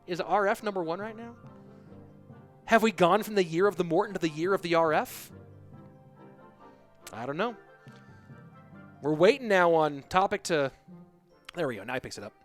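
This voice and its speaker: A man with a rather high voice casts a live game match for a stream. He calls the action in a playful, joking way and talks straight to the chat, with faint music running underneath. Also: expressive, normal speed, long pauses. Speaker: esports commentator.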